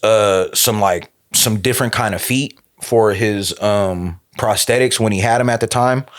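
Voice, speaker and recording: A man's voice: medium pitch, a bit bright. A man guesting on a podcast, telling a personal story in a laid-back way with lots of fillers. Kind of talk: casual interview talk.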